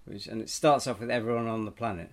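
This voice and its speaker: A man co-hosting a podcast, spinning absurd stories in a rambling, deadpan way with frequent restarts. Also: fairly low pitch, fast talker. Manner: rambling, restarts mid-sentence, spins absurd stories with a straight face. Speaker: podcast co-host. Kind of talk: deadpan comic chat.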